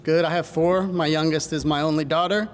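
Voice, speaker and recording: A middle-aged man, a doctor, giving an energetic seminar talk to a live audience and drawing them into call-and-response. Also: brisk. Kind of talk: stage presentation to a live audience. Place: large hall with audience. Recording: hall reverb, faint rumble.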